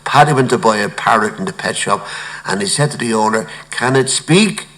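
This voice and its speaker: A man telling stand-up jokes in a lilting storytelling way, with quick punchlines and a chuckle now and then. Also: on the low side, fairly bright tone, low-quality recording. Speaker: comedian. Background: audience laughter.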